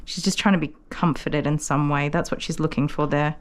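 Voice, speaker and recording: A fairly low-voiced woman grooms a puppy on camera in a relaxed vlog. She talks viewers through each step in an easygoing, explanatory way and drops into gentle, soothing words for the dog. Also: a little fast. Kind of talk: casual vlog narration while working.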